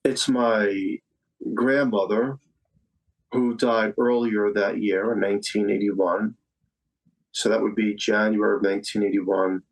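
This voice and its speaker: A man's voice: fairly low pitch, steady tone, a little slow, low-quality recording. A man in his fifties from Staten Island, a psychic medium guest telling a personal story in conversation, earnest and repeating phrases for emphasis. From Staten Island, New York. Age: 50s.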